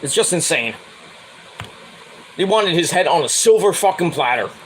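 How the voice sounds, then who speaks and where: A man's voice: fairly high pitch, animated, moderate pace, a little hiss or hum, low-quality recording. A man hosting his own stream, ranting in a profane, heated, rambling way about sports. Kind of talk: casual sports rant.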